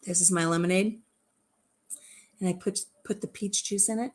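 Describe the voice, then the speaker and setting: A woman in her fifties hosting a live chat and telling stories in a warm, chatty way, laughing at herself. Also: medium pitch, fairly even intonation, moderate pace, husky. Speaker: host.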